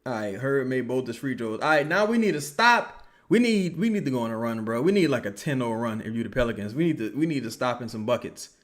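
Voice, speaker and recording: A young man giving casual, profane live reaction commentary on a basketball game, answering viewer questions and yelling at plays. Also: mid-range voice, fast. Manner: profane, animated, yells at plays. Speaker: live game watch-along streamer.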